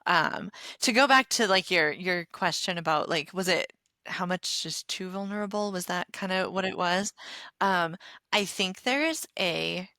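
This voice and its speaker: Supportive female podcast co-host, lower pitch, bright tone. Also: a little slow, dry recording, studio quality. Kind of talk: casual discussion.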